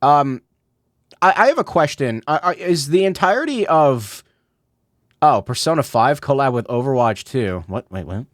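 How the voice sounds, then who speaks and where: A young adult streamer giving excitable let's play commentary, swearing and stammering when flustered. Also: medium pitch, normal speed, no echo, clean studio sound.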